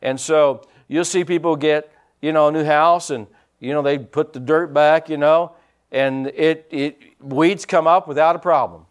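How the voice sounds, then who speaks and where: Preaching at a measured pace, a man speaks in a slightly high voice with a steady tone. The sermon stays conversational, with many amens and shifts between quiet asides and louder, emphatic points.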